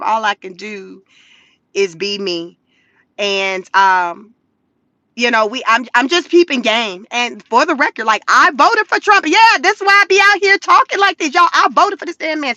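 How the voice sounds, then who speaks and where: Woman host, casual live-stream commentary; high, bright and animated, dry close sound. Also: no room sound. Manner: animated, laughs often, acts out quotes in mocking voices. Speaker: livestream host.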